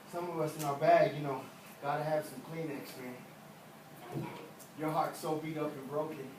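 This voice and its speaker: A male evangelist delivers a chatty, joking sermon, circling back and repeating phrases as he preaches. He is picked up from far off in a very echoey church. Steady noise hums behind him. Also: a little high. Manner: conversational, joking, repetitive preaching. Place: church sanctuary.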